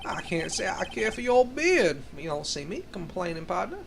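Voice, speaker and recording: A woman voicing a swaggering cowboy detective man, drawling folksy lines in a deliberately bad Texan accent. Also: fairly low pitch, sing-song, vocal fry, background noise. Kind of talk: fan voice-acting of a game.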